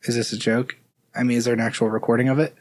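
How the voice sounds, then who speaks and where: A man's voice: mid-range voice, flat delivery, fast, a little mellow. A man co-hosting a podcast in casual chat, with dry sarcastic teasing. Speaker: podcast co-host.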